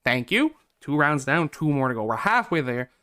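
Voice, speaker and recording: A man's voice: on the high side, very animated, normal speed, pushed and bright, clear, resonant tone. Exasperated young man commenting on gameplay. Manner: exasperated, swings from hopeful to deflated. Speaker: gaming YouTuber.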